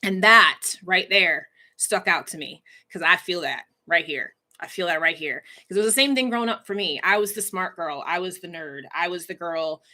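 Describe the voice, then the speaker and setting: A woman's voice: fairly low pitch, expressive, moderate pace, few pauses, sharp tone. A woman hosting a casual livestream announcement, emotional and laughing as she chokes up reading comments. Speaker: livestream host, coach.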